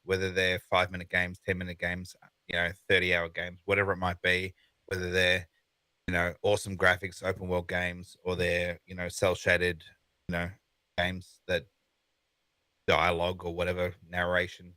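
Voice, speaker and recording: Very deep, bright-toned rambling man. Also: monotone, normal speed, no room sound. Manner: rambling, many fillers and restarts. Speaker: podcast co-host. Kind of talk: casual gaming podcast chat.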